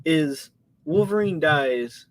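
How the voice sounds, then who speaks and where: A man co-hosting a live podcast in a casual movie review chat, retelling scenes with lively acted-out quotes. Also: on the high side, slow. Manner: animated storyteller, acts out scenes. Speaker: podcast co-host.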